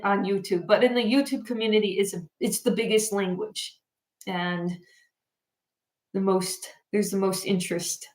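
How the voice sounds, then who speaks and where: A woman's voice: medium pitch, echoey room. A tired woman hosting a casual livestream, chatting and reading out viewer comments. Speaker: livestream host. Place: home in Japan.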